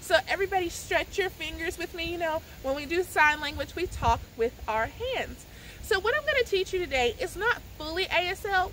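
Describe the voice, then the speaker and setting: A woman's voice: high-pitched, a bit bright, a little hiss or hum, poor audio. A woman leading a children's sign language lesson outdoors at a farm, cheerful and sing-song like a teacher. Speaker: children's librarian.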